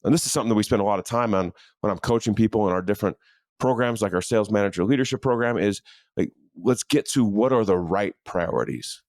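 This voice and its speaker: A man's voice: fairly low pitch, fast, a little mellow, no echo, studio quality. A middle-aged man hosting his own leadership coaching podcast from a home office, talking in an earnest, conversational way with fillers and restarts. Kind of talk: casual motivational monologue. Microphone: studio microphone in a home office.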